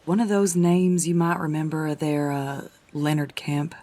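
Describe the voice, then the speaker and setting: A woman's voice: deep voice, unhurried, mellow. A woman playing her character in a tabletop game, speaking politely and formally while asking probing questions. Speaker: player.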